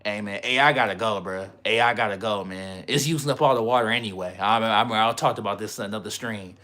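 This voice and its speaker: A man's voice: on the low side, fairly quick, bright, forceful tone. A man chatting casually on a livestream, rambling in slang and laughing often.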